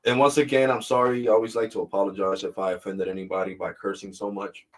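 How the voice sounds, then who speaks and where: A man's voice: on the low side, steady tone, fast. A man hosting a tech vlog, ranting casually and bluntly to viewers in slang. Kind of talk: casual rant to camera.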